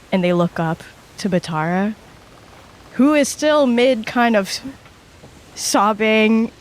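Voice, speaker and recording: A player calmly describing their character's actions in a tabletop game. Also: mid-range voice, slight background noise.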